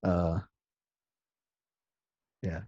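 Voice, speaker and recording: Deep voice, mellow tone, man, loose rambling personal story, some swearing, dry dull lo-fi recording. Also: level tone, extremely slow, slightly rough, dry recording. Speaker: storyteller recounting his own accident.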